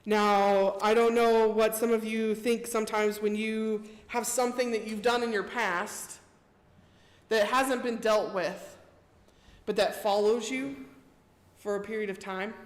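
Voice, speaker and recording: Woman preaching in an echoey church. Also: medium pitch. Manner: retells scripture in a chatty storytelling way. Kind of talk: casual sermon. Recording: echoey church hall reverb.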